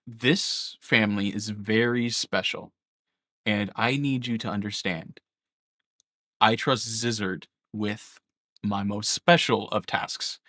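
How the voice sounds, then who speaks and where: A man voicing a grave matriarch who gives quietly urgent orders in a tabletop role-play. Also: mid-range voice, normal speed, no room sound, clean studio sound, close to an everyday voice. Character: grave matriarch leader, mother of a household.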